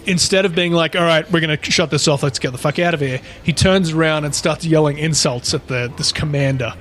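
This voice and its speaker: A man with a fairly high speaking voice tells a creepy story to his co-host. He rambles, restarts and swears freely in a loose, chatty way. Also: a little fast, a bit bright, slight background noise. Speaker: podcast co-host. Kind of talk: casual storytelling chat.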